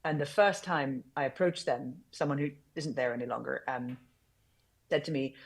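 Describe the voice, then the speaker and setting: A woman's voice: extremely low pitch, moderate pace, slightly rough. A woman from Ireland with an accent mixing Irish, British and transatlantic sounds, talking candidly as a guest over a video call. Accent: mixed Irish, British and transatlantic. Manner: candid and animated, with fillers and restarts. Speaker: war reporter and author guest. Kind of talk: conversational interview.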